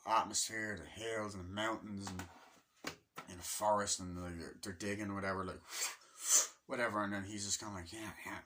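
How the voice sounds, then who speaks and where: A man's voice: fairly low pitch, steady tone, normal speed, noisy background. A man giving a casual, rambling movie review, swearing freely and loosely chatty.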